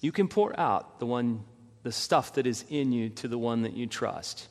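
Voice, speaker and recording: A middle-aged man, a pastor, preaching a sermon and acting out the voices of people he quotes with animated intensity. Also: medium pitch, moderate pace. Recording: long reverb in a large hall.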